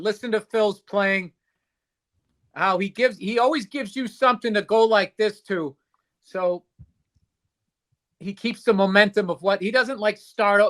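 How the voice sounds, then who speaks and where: A man's voice: high-pitched, fairly bright tone. A man guesting on a podcast, telling comic stories in a blunt, profane, teasing way. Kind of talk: comic storytelling.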